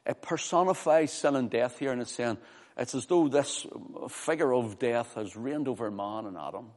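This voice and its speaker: A man preaching a sermon with fervor, swinging from loud, high exclamations to low, quiet scripture reading. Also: moderate pace. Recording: long hall reverb.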